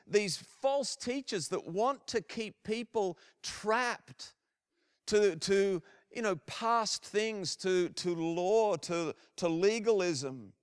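A minister preaches in an earnest, animated way, often circling back and restarting phrases. His voice is smooth and fairly high for a man, and he speaks slowly. The sound is dry and close. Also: no echo. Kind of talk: sermon.

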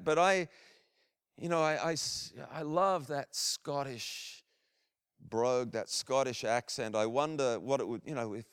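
A man preaching a sermon as a minister, earnest and animated, often restarting his phrases. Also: mid-range voice, smooth, no echo, studio quality.

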